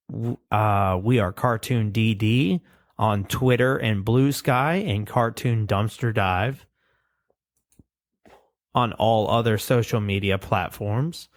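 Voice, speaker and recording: A man co-hosts a casual podcast chat at an unhurried pace and a middle pitch. His voice is dry and close, with no room sound. He talks in a relaxed way and reads out the show's plugs. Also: no room sound. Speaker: podcast co-host.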